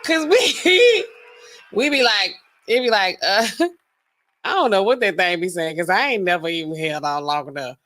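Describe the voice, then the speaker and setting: A woman's voice: medium pitch, normal speed, soft background music. A woman hosting a livestream, chatting casually and talking straight to her viewers. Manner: chatty and animated, talks straight to her chat. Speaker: livestream host.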